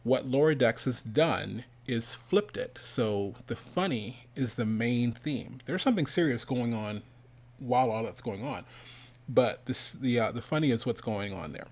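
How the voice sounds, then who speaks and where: A man's voice: mid-range voice, animated, measured pace, a little mellow. Rambling, chuckling man telling a story. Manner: rambling, self-interrupting, laughs often, quotes people in changing voices. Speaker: host of an online animation summit. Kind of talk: casual storytelling monologue.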